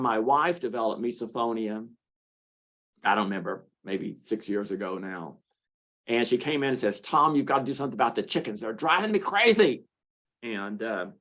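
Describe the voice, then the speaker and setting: Man lecturing in a relaxed, chatty way. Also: on the low side. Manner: conversational with frequent fillers and restarts; tells patient stories with acted quotes. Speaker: clinician presenting a treatment model. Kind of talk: lecture to an audience.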